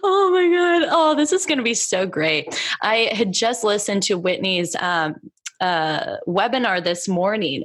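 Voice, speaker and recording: A bubbly woman hosts a podcast, chatting casually and laughing often. Her talk is loose and enthusiastic, with the odd swear word. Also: medium pitch. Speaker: podcast host.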